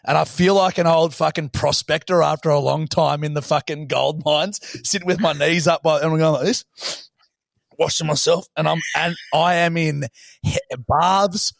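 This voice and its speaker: Podcast co-host, man, foul-mouthed mock rants, gravelly voice. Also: fairly high pitch, steady tone, moderate pace, no echo, studio quality. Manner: crude, swearing, mock-outraged ranting. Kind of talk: casual banter.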